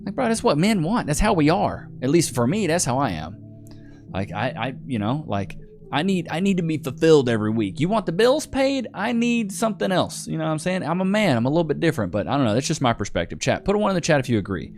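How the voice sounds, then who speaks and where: A man's voice: a little high, sing-song, quick pace, a little mellow, faint music behind. A man hosting a reaction stream, giving blunt, slangy, emphatic commentary straight to his chat. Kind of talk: casual commentary.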